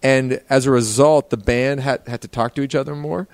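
A man chatting on a podcast who tells long, rambling stories. He talks at an ordinary pitch and keeps slipping into other people's voices. The sound is very dry and close. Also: steady tone, brisk, a little mellow, smooth, no room sound. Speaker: podcast co-host and touring musician. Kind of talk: casual podcast chat.

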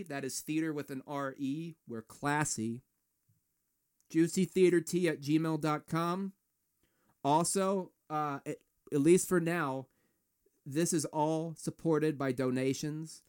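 A man's voice: on the high side, smooth. A man hosting a solo podcast, ranting in a fired-up, profane way. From United States. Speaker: podcast host.

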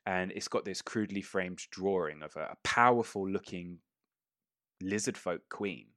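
A man's voice: low voice, normal speed, a bit bright, dry recording, studio quality. A man narrating a tabletop game as game master, casual and sweary, laughing often.

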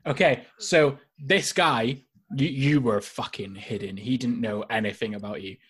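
A man narrating a tabletop game as dungeon master over a video call, with a casual, halting delivery full of fillers. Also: mid-range voice, a bit bright, breathy edge.

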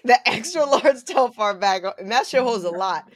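A woman co-hosting a casual podcast chat, joking and blunt, swearing and thinking out loud. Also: fairly high pitch, lively intonation, normal speed, no room sound. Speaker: podcast co-host.

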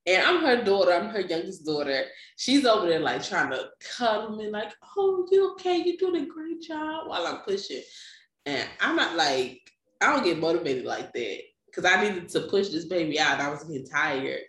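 A woman's voice: lowish voice, normal speed. A young woman chatting casually, telling a story with lots of laughter and acted-out voices. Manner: animated storytelling, laughing often, acting out quoted voices. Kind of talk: casual chat. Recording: echoey room.

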